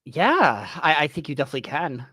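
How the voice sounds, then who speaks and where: Jogadora de RPG de mesa hesitante, voz muito grave e expressiva, som seco e próximo. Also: female voice, sits low, big pitch swings, a little fast, fairly bright tone, dry recording. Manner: hesitant, stumbling. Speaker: player. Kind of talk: in-character role-play.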